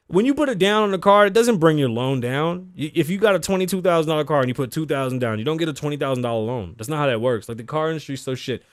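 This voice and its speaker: A man's voice: fairly high pitch, clear, resonant tone, no echo, clean studio sound. A man hosting a casual talk show, reading news aloud and riffing on it bluntly with heavy swearing. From Las Vegas, Nevada (lives there). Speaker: podcast host.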